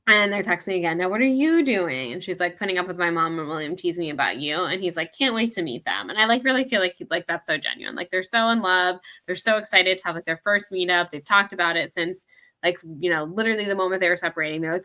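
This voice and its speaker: A woman's voice: fairly low pitch, fairly quick, pushed and bright. A woman, co-hosting a podcast in a casual chat, recapping a book and reading passages aloud, with lots of "like.". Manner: chatty, many "like"s, reads quotes aloud. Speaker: podcast co-host.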